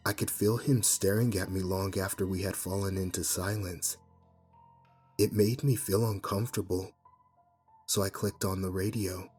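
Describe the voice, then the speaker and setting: Male horror narrator, low and breathy, measured first-person reading over faint music. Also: little pitch movement, darkish tone.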